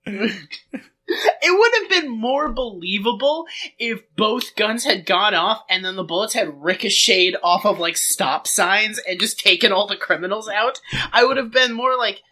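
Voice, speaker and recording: A woman's voice: medium pitch, a little slow, bright, forceful tone. A woman co-hosting a podcast, chatting casually with dry joking asides. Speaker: podcast co-host. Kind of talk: casual chat.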